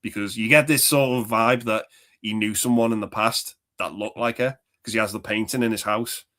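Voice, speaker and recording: A man's voice: on the low side, fairly even intonation, moderate pace, fairly bright tone. A man co-hosting a casual movie chat, enthusiastic, swearing often and slipping into quoted lines. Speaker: podcast co-host.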